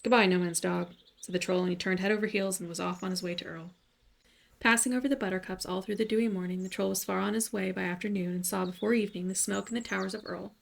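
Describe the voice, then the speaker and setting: A woman narrating a bedtime story in a soft, soothing way. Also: mid-range voice, steady tone, fast talker, vocal fry.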